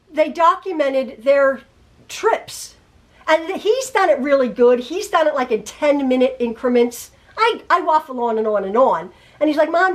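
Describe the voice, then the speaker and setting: High-voiced chatty woman quilting teacher. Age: middle-aged. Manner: chatty, stammering, repeats herself. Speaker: quilting teacher and channel host. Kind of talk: rambling casual chat and sewing tutorial. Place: home sewing room.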